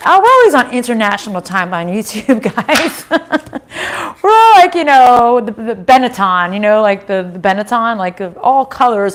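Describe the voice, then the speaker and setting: A woman's voice: a little high, slight background noise. Middle-aged lady chatting thru a live tarot reading at home, talky and loose, swears a bit. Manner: chatty, swears, laughs, often reads live chat. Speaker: tarot reader doing a live stream. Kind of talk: casual live-stream chat and reading.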